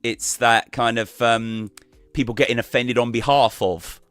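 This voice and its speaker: A man's voice: mid-range voice, steady tone, a little slow, fairly bright tone, clean tone, no room sound, soft background music. A man chatting casually as a guest on a live stream, rambling and restarting his sentences.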